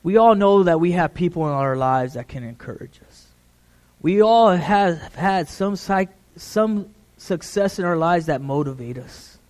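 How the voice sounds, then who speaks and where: A middle-aged man preaching a sermon in a relaxed, conversational way, often checking in with the congregation. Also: a little high, measured pace. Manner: conversational, repeats "right?" to the congregation.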